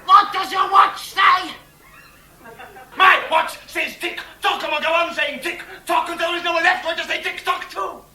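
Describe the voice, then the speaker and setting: An actor playing a weary old man in a live absurdist sketch, declaiming and shouting his lines slowly. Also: very high voice, fairly even intonation, exaggerated voice. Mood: declamatory. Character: weary absurdist old men waiting for time. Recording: echoey live club tape.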